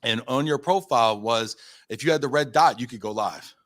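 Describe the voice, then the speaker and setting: A man in his thirties from the United States, telling a story as a podcast guest, animated and full of fillers, acting out his own quotes. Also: medium pitch, a little fast. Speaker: podcast guest, company founder. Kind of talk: casual storytelling in an interview.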